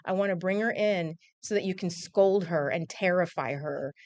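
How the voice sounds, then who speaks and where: In a lowish voice at moderate pace on a dry recording, a forties-aged news anchor chats informally from a TV news studio. She's an animated storyteller who performs the quotes.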